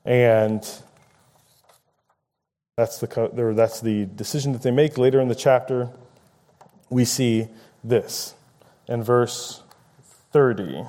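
A man's voice: mid-range voice, fairly even intonation, slow, long pauses, dark tone. A man preaching a conversational sermon, paraphrasing scripture and acting out quoted lines with rising emphasis.

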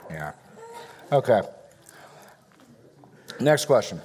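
A man's voice: mid-range voice, big pitch swings, extremely slow, very noisy. A man, a pastor, answering audience questions in a church discussion with firm, conversational speech.

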